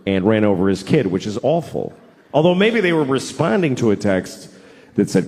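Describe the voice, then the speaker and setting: A man in his forties performing a stand-up routine, mixing deadpan storytelling with sudden shouted outbursts. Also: medium pitch, normal speed. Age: 40s. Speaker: stand-up comedian. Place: theater stage. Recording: reverberant hall with faint noise. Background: audience laughter.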